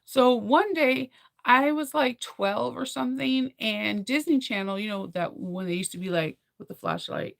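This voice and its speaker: A young woman in casual chat, rambling and animated as she recaps a film, full of fillers and laughs. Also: a little high, moderate pace, vocal fry, no room sound, studio quality. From United States.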